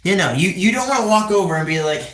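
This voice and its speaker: A man's voice: sits high, animated, fast, a bit bright, echoey room. A twenty-year-old man chatting casually on a live stream, rambling with crude joking asides and tagging "right?" onto his sentences. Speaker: livestreamer.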